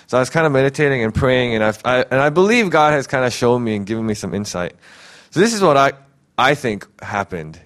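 A man giving an informal sermon, talking conversationally with many fillers and getting animated when he quotes. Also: medium pitch, a little fast. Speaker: pastor.

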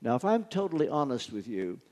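A man's voice: mid-range voice, very animated, a little fast, darkish tone. A man preaching a sermon, telling a personal story earnestly and stressing key words through repetition. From United States.

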